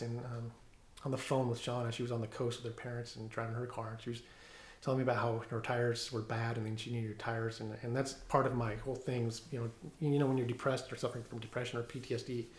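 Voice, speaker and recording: A middle-aged police officer giving a personal testimony at home, talking haltingly with many fillers and restarts. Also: male voice, mid-range voice, a little mellow, reverberant. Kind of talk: personal testimony, reading from notes. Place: room at home.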